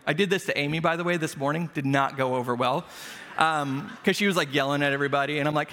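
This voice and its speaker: A man's voice: on the high side, quick pace, a bit bright, slight background noise. A man preaching a sermon as pastor, conversational and self-deprecating, telling everyday stories to make his points. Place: church sanctuary. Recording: long church hall reverb.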